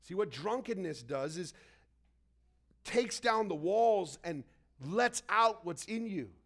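A man with a high-pitched voice gives a sermon in a church hall. He talks in a loose, conversational way and tells stories, putting on the voices of the people he quotes. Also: lively intonation, takes it slowly, a bit bright. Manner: storytelling, conversational, acts out quotes. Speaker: pastor.

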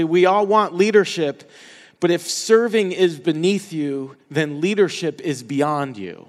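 A man's voice: sits high, in a large hall. A man preaching a sermon in an earnest way, restarting and repeating words as he builds emphasis. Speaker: pastor.

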